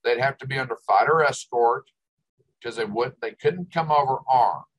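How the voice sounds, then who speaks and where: A man's voice: mid-range voice, moderate pace, breathy edge, rough recording. An older man hosting a talk show, ranting with exasperation and sarcasm. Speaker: host. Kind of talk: ranting commentary.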